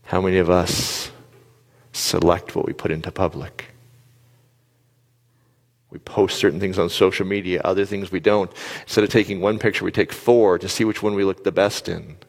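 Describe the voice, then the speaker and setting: A man giving a live talk to an audience, telling stories in an animated way and asking the crowd questions. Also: sits low, moderate pace, vocal fry, long pauses, long reverb tail. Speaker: speaker addressing an audience.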